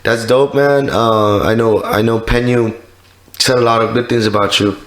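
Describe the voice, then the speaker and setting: A man's voice: medium pitch, steady tone, normal speed, fairly bright tone. A man hosting a podcast in casual chat, laid-back, with slangy interjections. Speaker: podcast host. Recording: echoey room with faint noise.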